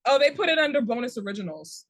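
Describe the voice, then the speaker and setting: Woman host, lively up and down voice, dry close sound, laughs a lot, breaks off into asides while reading. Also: on the high side, fast, no room sound. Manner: animated, laughs often, reads summaries aloud with asides. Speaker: podcast host. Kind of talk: casual movie preview chat.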